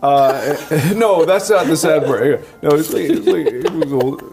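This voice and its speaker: A man's voice: a little high, moderate pace, over a noisy crowd. A man co-hosting a podcast in casual chat, joking and swearing, often restarting his sentences. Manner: jokey, swears, trails off and restarts. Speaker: podcast co-host.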